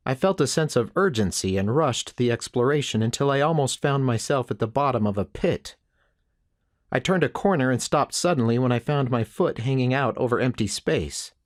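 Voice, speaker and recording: In a measured, steady reading, a man narrates an audiobook from a first-person perspective. His voice is pitched in the middle.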